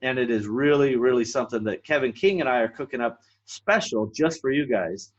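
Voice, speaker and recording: A man's voice: mid-range voice, animated, a little fast. Male podcast host, casual solo talk, rambling with fillers, slightly dull lo-fi sound. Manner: rambling, many fillers and restarts.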